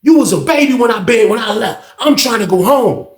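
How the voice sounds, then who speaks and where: A man's voice: sits high, brisk, gravelly, reverberant, distant mic. A man doing a fed-up older uncle. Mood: exasperated. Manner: firm, repetitive pleading. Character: stern older man fed up, wanting to go home.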